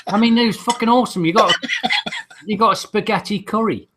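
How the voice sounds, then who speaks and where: British guy slightly high voice, chill sweary chat. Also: a little fast, very noisy. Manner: laid-back, swears casually. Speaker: podcast co-host. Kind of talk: casual chat.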